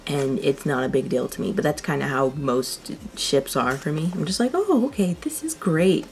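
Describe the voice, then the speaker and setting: A woman's voice: extremely low pitch, normal speed, a little hiss or hum. A young woman hosting a reaction video, talking casually and rambling with frequent laughs. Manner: chatty, rambling, laughs often.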